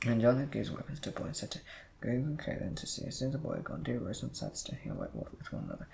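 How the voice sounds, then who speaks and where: A man reading scripture aloud in a rushed way, with slips and restarts. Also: medium pitch, gravelly, a little hiss or hum, poor audio. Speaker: Bible reader.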